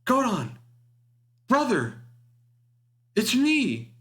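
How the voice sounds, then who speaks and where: A man putting on a woman calling out to her long-lost brother, her voice pitched very high. The calls are drawn out and pleading. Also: wildly swooping pitch, very slow, fairly bright tone, heavily acted.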